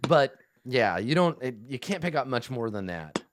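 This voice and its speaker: A man's voice: mid-range voice, sing-song, moderate pace, noisy background. A man running a tabletop game as game master, setting cinematic scenes with lots of fillers and restarts.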